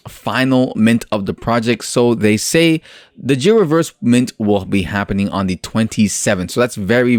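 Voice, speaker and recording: A man hosting an online crypto show talks in a loose, joking way, tossing in sarcastic asides and filler words between points. His voice sits at an ordinary middle pitch. The sound is close and dry, with no room around it. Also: no echo. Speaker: crypto channel host. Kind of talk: casual commentary on a project.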